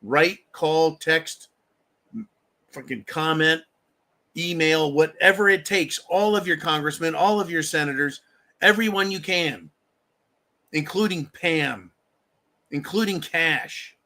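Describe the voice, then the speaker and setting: A man hosts a live stream in a bright, forceful voice, sitting a little high for a man. He rants with anger and constant profanity. He breaks off to thank viewers for donations. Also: takes it slowly, pauses often. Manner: angry, heavily profane. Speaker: livestream host. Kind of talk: political rant on a live stream.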